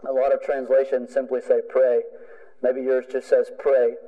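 A man's voice: mid-range voice, level tone, normal speed, big-room sound, narrow, tinny audio. A man preaching a sermon as a pastor, emphatic, driving home points with repeated phrases.

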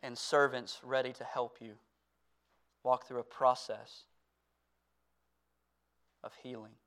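Earnest pastor with a clear, ringing voice. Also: male voice, medium pitch, little pitch movement, slow. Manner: earnest preaching that swings from forceful to hushed. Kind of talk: sermon. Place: church.

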